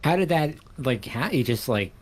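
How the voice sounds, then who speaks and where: A man's voice: mid-range voice, expressive, moderate pace, a little hiss or hum. A man co-hosting a casual livestream chat, easygoing and teasing. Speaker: podcast co-host.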